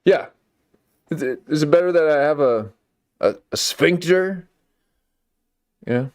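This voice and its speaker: A man's voice: on the high side, animated, a little slow. A man hosting a late-night commentary stream, talking in a sarcastic, rambling way and often tacking on "okay" and "folks". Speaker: live stream host.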